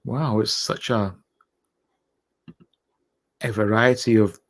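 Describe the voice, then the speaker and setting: A Scottish man with an accent softened by years abroad, hosting a late-night livestream and reading out viewer comments in a rambling, halting way. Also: fairly low pitch, fairly even intonation. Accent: Scottish, softened by years in North America. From Scotland. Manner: rambling, halting, lots of uh and restarts, thanks viewers. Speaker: livestream host.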